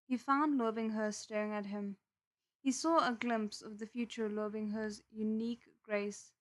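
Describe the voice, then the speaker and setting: A woman reads a novel aloud on a live stream, her voice a little high, with chatty, expressive asides between passages. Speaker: novel reader.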